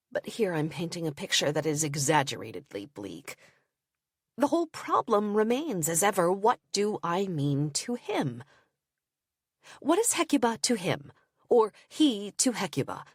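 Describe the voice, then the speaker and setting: Woman reading diary entries aloud, intimate and measured, dead dry sound. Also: mid-range voice, no echo. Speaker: audiobook narrator. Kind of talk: first-person diary reading.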